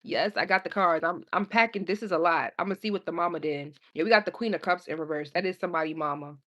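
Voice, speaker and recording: A woman's voice: fairly low pitch, fast talker, fairly bright tone. Laughing young woman reading tarot live. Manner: laughs often, talks to chat in slang. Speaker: tarot reader. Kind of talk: casual live-stream chat and tarot reading.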